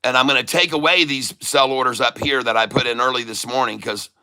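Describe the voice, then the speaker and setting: A man hosting a live day-trading stream from home, talking loudly and joking as he reads out his buy and sell numbers. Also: medium pitch, steady tone, brisk, clear, resonant tone. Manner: loud, chatty, jokey. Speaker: host.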